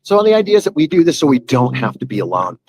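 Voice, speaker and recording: A man's voice: medium pitch, big pitch swings, quick pace, darkish tone, a little hiss or hum, poor audio. A man hosting a live stream, chatting casually in a rambling, playful and earnest way. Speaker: livestream host.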